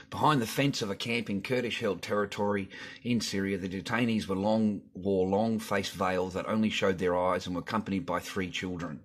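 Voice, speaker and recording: A man with a very deep voice reads a news article aloud in a plain, steady way. He keeps stopping to throw in crude, sweary, mocking remarks of his own as the host of his channel. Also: brisk. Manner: swears often, mocking asides between read passages. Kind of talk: reading aloud with crude running commentary.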